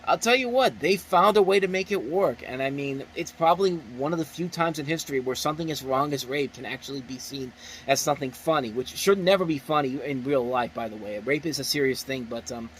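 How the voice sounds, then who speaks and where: Guy rambling happily about a comedy he loves, mid pitch, lots of restarts, faint room noise. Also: a little fast, low-quality recording. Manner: rambling, frequent restarts, enthusiastic. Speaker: movie reviewer. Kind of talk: casual spoken review.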